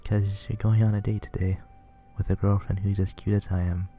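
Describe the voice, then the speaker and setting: A man voicing a sweet, shy young woman in a visual novel, gentle and self-deprecating. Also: lowish voice, little pitch movement, brisk, faint music behind, natural voice. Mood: playful. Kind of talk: reading a visual novel aloud.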